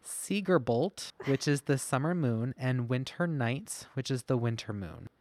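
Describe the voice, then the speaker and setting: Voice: medium pitch, animated, moderate pace, a little mellow. A podcast co-host reading research notes from a phone, with self-deprecating, chatty asides. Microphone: podcast mic, masked.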